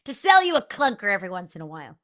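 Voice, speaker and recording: A woman's voice: medium pitch, sing-song, very fast, fairly bright tone. A woman co-hosting a sports talk show, arguing her case emphatically and rattling off stats. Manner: emphatic, rhetorical, lists stats. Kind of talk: argued sports pitch.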